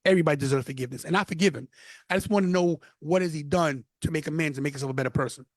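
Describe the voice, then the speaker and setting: A man from New York, a podcast guest, telling stories in an animated, casual way. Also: fairly high pitch, rapid-fire, dry recording. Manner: animated storyteller. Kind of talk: casual interview.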